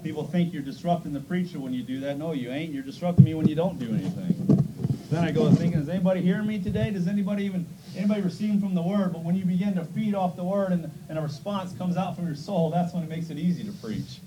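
A man's voice: fairly high pitch, quick pace, recorded from a distance, noisy background. A man preaching a sermon in a church, emphatic and conversational, firing rhetorical questions at the congregation.

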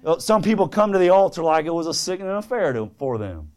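Fervent high-voiced male preacher. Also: sing-song, quick pace. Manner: fervent, swings from quiet to loud, quotes scripture in old English. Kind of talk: sermon.

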